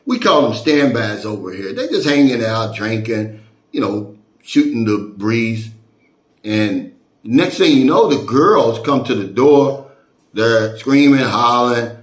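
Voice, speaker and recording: A man tells a story in a relaxed vlog style, chatty and animated, voice at a middle pitch for a man. The sound is roomy and echoey around him. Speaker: vlogger.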